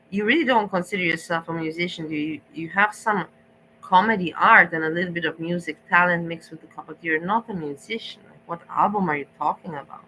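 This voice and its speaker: A woman's voice: fairly low pitch, moderate pace, sharp tone, slight background noise, low-quality recording. A woman hosting a casual livestream, greeting viewers and ranting in a chatty, mocking way. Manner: chatty, mocking, exasperated rants. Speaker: livestream host. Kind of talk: casual chat with live chat viewers.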